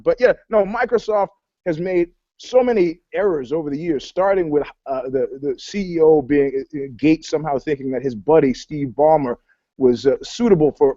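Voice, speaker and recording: A man's voice: fairly high pitch, darkish tone, dry recording. A man on a video call in a casual podcast chat, telling rambling, profane stories and acting out what people said. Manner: profane, rambling storyteller who acts out quotes. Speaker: panelist. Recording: dull, dry online call audio.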